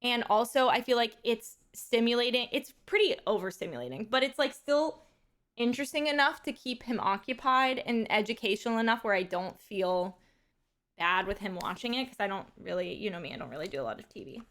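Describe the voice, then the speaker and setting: A woman's voice: on the high side, fairly quick. Chatty young woman streamer, rambling stories. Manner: chatty, animated storytelling with lots of fillers. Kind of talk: casual chat to stream while gaming.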